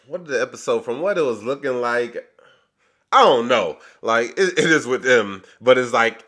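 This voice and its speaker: A man's voice: mid-range voice, expressive, moderate pace, a bit bright. A man hosting his own channel, giving a casual, rambling review of a reality show full of slang. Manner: rambling, chatty retelling with slang.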